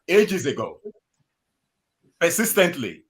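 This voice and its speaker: A man's voice: a little high, breathy edge. A man born in Africa with a Nigerian accent, arguing on a live panel and insisting on finishing his point. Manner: keeps saying hold on, pushing to finish his point. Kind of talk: heated live panel argument.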